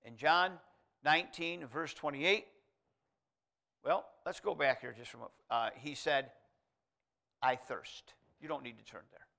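A man's voice: on the high side, a little slow, gravelly, pauses often. Man preaching with rising fervor. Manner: swings from quiet aside to loud emphatic proclamation; reads scripture aloud in King James wording. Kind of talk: sermon.

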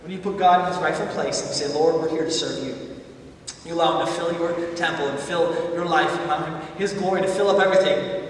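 A man preaching a sermon, telling stories with animated, emphatic peaks. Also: on the high side, fast, slight background noise. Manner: animated storytelling, rising to loud emphatic peaks. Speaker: visiting preacher. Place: church sanctuary. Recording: echoey church hall, far from mic.

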